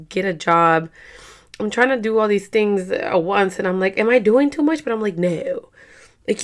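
A hoarse young woman hosting a podcast in casual, rambling chat, full of fillers and throat-clearing. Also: medium pitch. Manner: rambling, chatty, many fillers. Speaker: podcast host.

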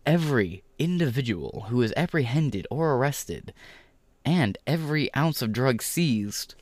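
A man's voice: mid-range voice, no room sound. A young man ranting through sarcastic, profane political commentary and reading a press release aloud.

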